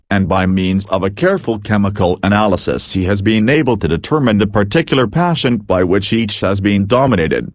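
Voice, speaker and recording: A man reading a book aloud in measured, earnest scripted narration. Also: on the low side, no echo, studio quality. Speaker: audiobook reader.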